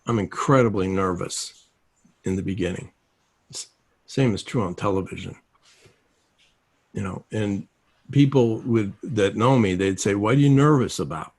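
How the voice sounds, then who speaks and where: A man's voice: lowish voice, a little slow, pauses often, breathy edge. A man giving a casual self-help teaching talk over a video call, telling stories and acting out the dialogue in them. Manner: animated storytelling, acts out quoted dialogue.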